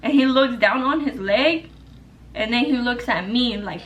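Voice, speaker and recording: Young female vlogger with a slightly high voice, telling a story in a loose, profane, filler-heavy way. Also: normal speed, a little hiss or hum. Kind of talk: casual storytelling to camera.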